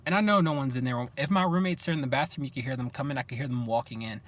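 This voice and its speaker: A young man vlogging, telling stories in a casual, animated way and acting out what each person said. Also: mid-range voice, quick pace. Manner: animated, acts out what people said. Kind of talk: casual storytelling to camera.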